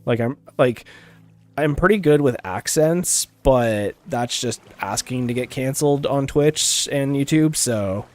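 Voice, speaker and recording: A man chatting casually on a gaming stream in a relaxed, rambling way, laughing now and then. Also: medium pitch, measured pace.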